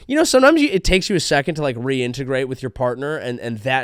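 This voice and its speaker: A male comedian hosting a podcast, riffing in a rambling, profane, animated monologue. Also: medium pitch, fast talker, smooth, dry recording, clean studio sound.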